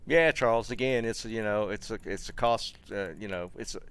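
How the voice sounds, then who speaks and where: A man's voice: fairly low pitch, smooth. A man hosting a live game stream, chatting casually with viewers and trailing into fillers and restarts. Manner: relaxed, chatty, halting with many fillers and restarts. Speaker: streamer host.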